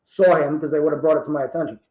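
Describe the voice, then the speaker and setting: A man in his fifties from Rhode Island, telling true stories in casual talk and acting out the quoted dialogue with lively energy. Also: on the high side, rapid-fire, reverberant, dull audio. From Rhode Island, USA. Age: 50s. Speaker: guest. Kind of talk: casual storytelling.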